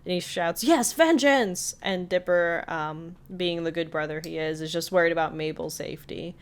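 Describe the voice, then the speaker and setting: A woman co-hosting a casual podcast, retelling cartoon scenes and jumping into quick voices for the characters' lines. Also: low voice, completely flat delivery, smooth. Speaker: podcast co-host recapping a cartoon episode.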